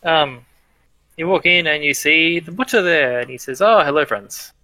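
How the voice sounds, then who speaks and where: A man's voice: a little high, normal speed, pushed and bright, no room sound, poor audio. A man narrating as game master in a tabletop role-playing game, easygoing and chatty, laughing often.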